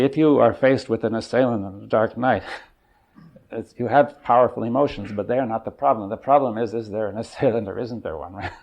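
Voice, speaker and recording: An older man leading a seminar, thinking aloud in a halting, searching way and often checking in with his listeners. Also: lowish voice, creaky, darkish tone. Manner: thoughtful, halting, often checks in with "right?" and "you see". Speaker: seminar leader. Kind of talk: exploratory seminar talk. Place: seminar room.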